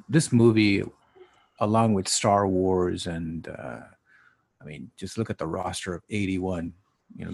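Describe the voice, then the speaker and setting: Gravelly man rambling about movies. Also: sits low. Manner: rambling, fillers, animated. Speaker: podcast co-host. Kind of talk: casual chat.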